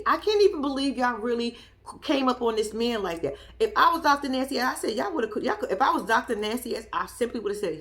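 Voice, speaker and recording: A woman reviews a reality show in a blunt, heated rant. Her voice sits at an ordinary middle pitch. She swears freely and talks straight at the people she is criticizing, full of sass and disbelief. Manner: blunt, profane, sassy, argues at the people she discusses. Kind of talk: heated reaction commentary.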